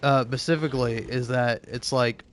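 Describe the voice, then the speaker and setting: A young man at an ordinary, middle pitch talks his thoughts through while he plays. He rambles in a halting way, restarts his sentences often and leans on filler words as he circles an idea. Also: steady tone, background noise. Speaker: gaming video creator. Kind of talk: rambling musing commentary while playing.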